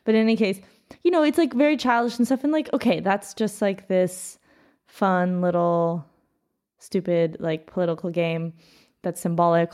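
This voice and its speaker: An American woman in casual conversation, talking in an animated way with many "like" fillers. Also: on the low side, moderate pace.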